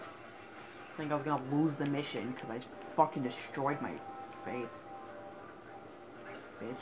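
A man's voice: mid-range voice, unhurried, pauses often, over music. A young man commentating on his gameplay in a casual way, swearing constantly and flaring into angry rants. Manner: swears a lot, angry outbursts. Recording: noisy home recording.

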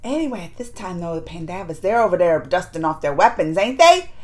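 A woman hosting a review channel, recapping episodes to viewers in a chatty, animated way and acting out characters' lines. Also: lowish voice, a little fast. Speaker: reaction and review channel host. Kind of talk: casual recap chat to viewers.

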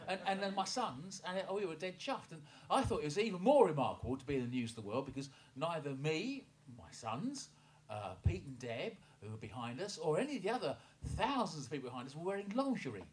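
A man's voice: a little high, big pitch swings, quick pace, a little mellow. A man telling a rambling, self-mocking story on stage at a small pub gig, stumbling over restarts between songs. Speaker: singer-songwriter introducing a song. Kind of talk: rambling onstage anecdote at a gig. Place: small indoor pub music venue. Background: acoustic guitar.

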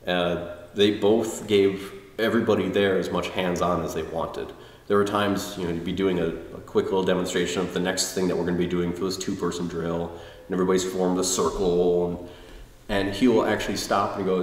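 Low-voiced man rambling in a roomy space. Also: steady tone, fairly quick. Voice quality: quiet, introverted. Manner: rambling, self-deprecating, many restarts. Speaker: tai chi video blogger. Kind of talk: casual spoken review. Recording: roomy, distant mic with long reverb.

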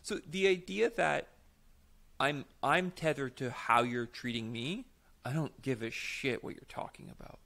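A man's voice: mid-range voice, moderate pace, sharp tone. A man co-hosting a podcast, explaining improv technique in casual, emphatic chat. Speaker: podcast co-host, improv teacher.

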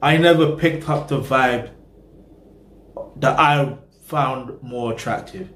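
A man's voice: medium pitch, takes it slowly, fairly bright tone, roomy sound. A man hosting a reaction video, rambling casually in slang and talking straight to his viewers.

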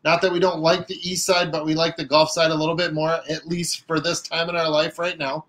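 Chatty high-voiced man on a livestream. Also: level tone, a little fast, fairly bright tone. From Chicago area, United States. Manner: chatty, reads out viewer comments. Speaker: co-host of a craft livestream. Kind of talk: casual live-stream chat.

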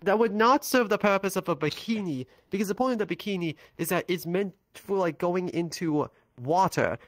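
A young man chatting casually on a stream, laughing often and tossing in quick jokes. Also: high voice, animated, no echo.

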